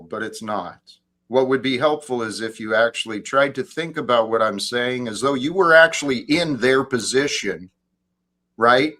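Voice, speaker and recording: A man hosting a casual chat show, with a bright, forceful tone. He talks in a measured, reflective way and stays earnest as he explains his views. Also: a little high. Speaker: host.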